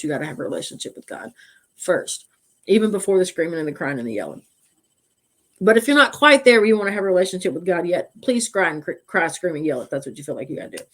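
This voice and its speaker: A woman leads a faith podcast. She talks with conviction, repeating lines one after another to drive her message home. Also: low voice. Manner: preachy, repeats phrases for emphasis. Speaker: podcast co-host. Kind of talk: faith-based podcast talk.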